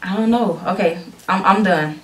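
A woman reacts to a music video for her viewers in a chatty, excitable way, speaking straight to them and often stumbling into restarts. Her voice sits at an ordinary middle pitch, and the room around her sounds echoey. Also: normal speed, heavy background noise. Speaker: reaction vlogger. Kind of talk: casual chatty video commentary.

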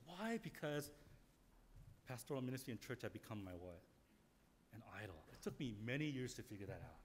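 Animated male pastor preaching a sermon. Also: medium pitch, fairly quick. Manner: candid storytelling with sudden loud outbursts.

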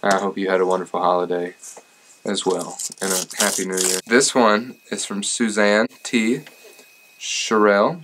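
A man's voice: fairly low pitch, a bit bright, low-quality recording. A young man chatting casually and joking at his own expense as he opens fan mail. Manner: joking and self-deprecating. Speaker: singer and vlogger.

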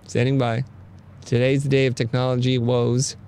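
A man's voice: mid-range voice, little pitch movement, normal speed, mellow, slight background noise. A man hosting a casual design critique live stream, upbeat and joking as he teases his guests. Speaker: host of a design critique show.

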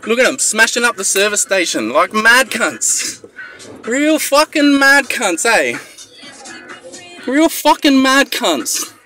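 High, sharp-voiced Australian man ranting. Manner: heavy swearing, exasperated. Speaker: bystander filming. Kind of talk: angry phone-video rant. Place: outdoors at a service station. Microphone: phone camera.

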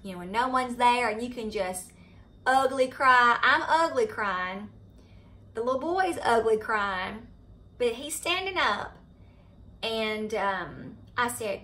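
A middle-aged woman with a Southern US accent telling a story to her viewers in a chatty, animated way. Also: on the high side, slow pace. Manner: chatty, animated retelling of a scary event. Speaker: vlogger. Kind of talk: casual storytelling to camera. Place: home, indoors.

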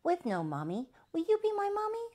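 A woman voicing a little lost baby boy who pleads for a mummy in a high voice. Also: huge pitch swings, a little fast, warm tone, full character voice. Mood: pleading.

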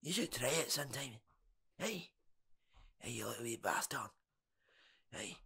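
Raspy glaswegian old bowler, gravelly whisper, bright edgy tone, cheeky "eh?" at the end of lines, whispered role-play. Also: male voice, medium pitch, animated, measured pace, pitched below the performer's own voice, full character voice. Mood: boastful. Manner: ends lines with a teasing "eh?". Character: boastful old Glasgow bowler, gruff and cheeky.

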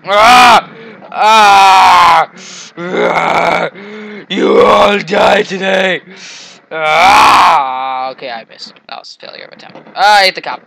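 A man's high, bright voice with a gravelly edge, taking his time between words. He comments on his own gameplay with excitable shouts and playful taunts at the enemies. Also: slow pace, low-quality recording. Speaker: gamer. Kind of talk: let's play commentary.

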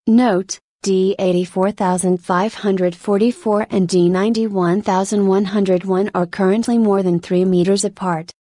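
A woman's voice: medium pitch, steady tone, a little slow, hardly any pauses, dark tone, no echo, clean studio sound. A woman giving a matter-of-fact scripted narration of a report.

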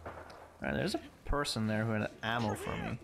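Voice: medium pitch, brisk, gravelly, noisy background. A gamer giving casual, playful commentary during a let's play, swearing a lot and taunting the enemies on screen. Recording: game sounds behind voice.

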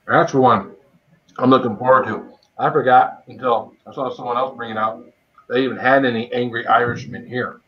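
A man's voice: mid-range voice, fairly even intonation, moderate pace. A man hosting a casual live stream, tasting spicy food and greeting viewers by name as he eats. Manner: chatty, greets viewers by name while eating. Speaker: livestream host doing a spicy food tasting. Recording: dull lo-fi stream audio.

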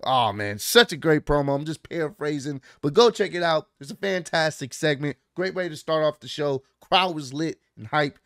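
A man's voice: a little high, lively intonation, normal speed, hardly any pauses, a bit bright, no room sound, clean studio sound. A man casually recapping a show in a loose, rambling way, full of fillers and slang. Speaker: wrestling recap vlogger.

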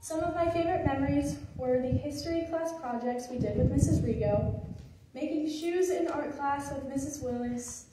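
A woman's voice: sits high, normal speed, very noisy. Teenage girl giving a heartfelt graduation speech. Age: late teens. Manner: earnest, heartfelt, slightly nervous. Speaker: graduating student. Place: school ceremony hall. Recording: echoey hall, distant mic.

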